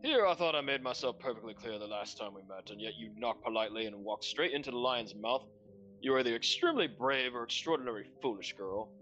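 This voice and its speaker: A man's voice: mid-range voice, lively intonation, fast talker, sharp tone, dull audio, soft background music. A man voicing a sinister, theatrical clown showman who calls himself a Duke of Hell, mocking and threatening. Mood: menacing.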